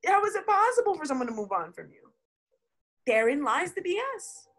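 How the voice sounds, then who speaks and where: A woman giving a casual tarot reading to camera, chatty and excitable, laughing often and talking in slang. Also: high-pitched, a little fast. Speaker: tarot reader.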